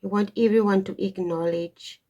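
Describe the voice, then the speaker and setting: A woman's voice: mid-range voice, steady tone, normal speed, dark tone, lo-fi sound. A woman giving a casual tarot and astrology reading to her viewers, wandering off topic and stopping to stress her points. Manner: digressive, emphatic, stops to stress points. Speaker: tarot reader.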